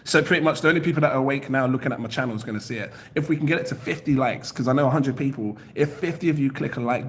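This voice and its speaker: A man's voice: very fast, hardly any pauses. A young man hosting a crypto livestream, chatting casually, reading out viewer comments and laughing often. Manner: animated, jumps up in pitch when excited.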